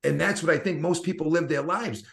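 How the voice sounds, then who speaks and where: A man's voice: on the high side, fairly quick, gravelly, a bit bright. A man in his fifties with a Boston accent, a guest telling his story in a casual interview in an earnest, motivational way, often restarting his sentences. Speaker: network marketing guest.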